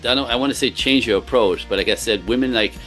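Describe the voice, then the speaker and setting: A man's voice: medium pitch, fast talker, pushed and bright, soft background music. A man speaking as a relationship coach in casual podcast talk, earnest and emphatic, often laughing between points.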